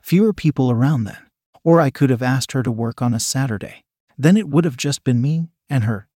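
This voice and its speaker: Guy reading a story out loud, calm and sly, dead dry sound, middle pitch. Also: a little fast, husky, no echo. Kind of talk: scripted first-person story narration.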